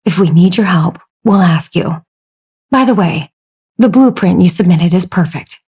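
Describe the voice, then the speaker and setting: A woman's voice: on the low side, animated, unhurried, a little mellow, husky, full character voice. Woman reading as dry, sarcastic businesswoman. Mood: calm. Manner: sarcastic, matter-of-fact.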